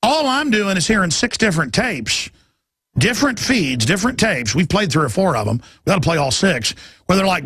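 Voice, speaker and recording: A man's voice: high-pitched, big pitch swings, normal speed, a bit bright, breathy edge, no room sound. A middle-aged man from Texas hosting a talk radio show, ranting heatedly and mocking his opponents. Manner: heated, ranting, mocks opponents in put-on voices. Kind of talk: impassioned talk radio monologue.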